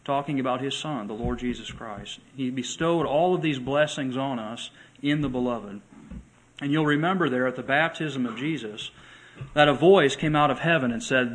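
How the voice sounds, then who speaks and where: An earnest male pastor delivering a sermon in a church, his voice sitting at an ordinary middle pitch. He slows and swells when he reads scripture aloud. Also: fairly bright tone, low-quality recording. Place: church sanctuary.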